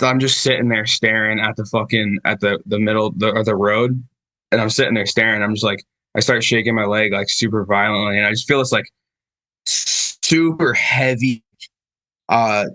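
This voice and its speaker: A man's voice: lowish voice, fairly even intonation, normal speed, pushed and bright, no room sound. A man in casual chat, telling rambling stories with lots of swearing and fillers. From Michigan, United States. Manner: rambling storyteller, heavy swearing, many fillers. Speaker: podcast guest, band vocalist.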